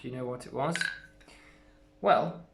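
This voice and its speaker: A primary school music teacher giving an online lesson to young children, speaking gently and encouragingly. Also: mid-range voice, measured pace, gravelly, very noisy.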